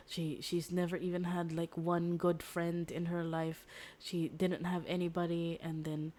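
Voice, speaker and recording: A woman's voice: on the low side, steady tone, unhurried, darkish tone. A young woman streamer casually retelling a story, rambling with fillers and restarts and swearing freely.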